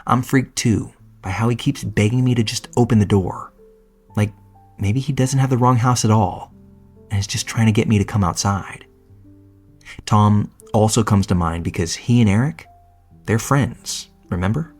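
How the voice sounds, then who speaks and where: A man's voice: on the low side, normal speed, darkish tone, soft background music. A man reading a first-person horror story aloud in a casual, profane storytelling manner. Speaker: narrator. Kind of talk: scripted horror story narration.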